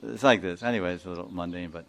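Low-voiced Indian man teaching casually. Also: very fast, vocal fry. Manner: rambling, chuckling, often asks listeners to confirm. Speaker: spiritual teacher. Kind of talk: informal class lecture.

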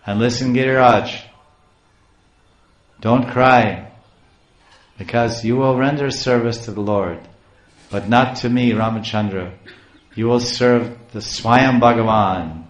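A man's voice: medium pitch, slow pace, pauses often, natural voice. A man voicing a divine voice from the sky, speaking in an emphatic, proclaiming way. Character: divine heavenly voice, commanding and reassuring. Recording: roomy echo.

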